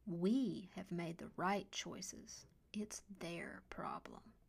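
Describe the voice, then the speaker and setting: A woman's voice: fairly low pitch, drawn-out words, vocal fry, husky, heavily acted. Woman putting on a cool, clipped Scandinavian wife. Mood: disapproving.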